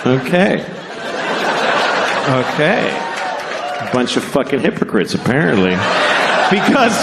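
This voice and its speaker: A man's voice: medium pitch, very animated, slow pace, creaky, long pauses, very noisy. A man doing a stand-up set, profane and mock-bitter, acting out the people in his stories. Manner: profane, mock-bitter, acts out quoted voices. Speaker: stand-up comedian. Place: comedy venue with audience. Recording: roomy live stage recording with crowd. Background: audience laughter.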